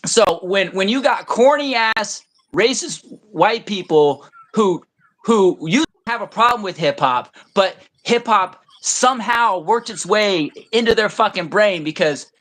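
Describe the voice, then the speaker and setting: A man's voice: high-pitched, lively intonation, a little slow, fairly bright tone. A man in casual chat, rambling and blunt, swearing freely and breaking into silly voices to mimic people. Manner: profane, blunt.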